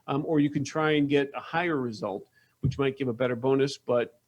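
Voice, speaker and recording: A man's voice: medium pitch, brisk. A man running a tabletop game as game master, upbeat and chatty, with many fillers.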